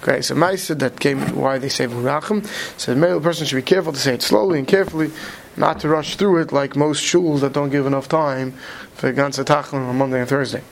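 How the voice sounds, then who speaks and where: Quick-talking man teaching a study class. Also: medium pitch, fairly even intonation, creaky, slight background noise. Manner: quick, mixes Hebrew terms into English, many "right?" checks. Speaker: Torah teacher. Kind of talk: Talmudic study lecture.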